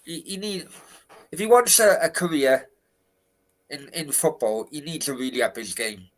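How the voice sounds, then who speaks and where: A man talks football in a loose, sweary rant, angry about his club's dealings. His voice is bright and tense and sits a little high. He is speaking from a hotel room. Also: lively intonation, normal speed, poor audio. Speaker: co-host of football talk show. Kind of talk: casual chat.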